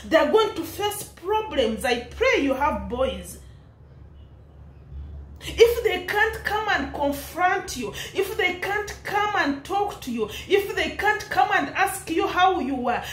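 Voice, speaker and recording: A young East African woman lectures at an unhurried pace, her high voice leaping up and down as she preaches. She laughs often between her scolding lines, and the sound bounces around an echoey room. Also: very animated. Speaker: vlogger commenting on a public dispute. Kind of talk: impassioned commentary.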